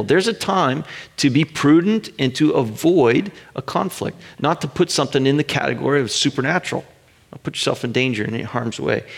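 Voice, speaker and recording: Gravelly pastor preaching with slow emphasis. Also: male voice, mid-range voice. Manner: earnest, emphatic, drawn-out pauses for emphasis. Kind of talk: sermon.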